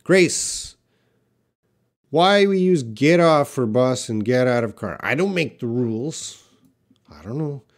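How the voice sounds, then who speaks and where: Patient teacher. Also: male voice, medium pitch, lively intonation. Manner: patient, explanatory, repeats words slowly for learners. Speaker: English teacher. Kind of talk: live Q&A class, reading viewer questions.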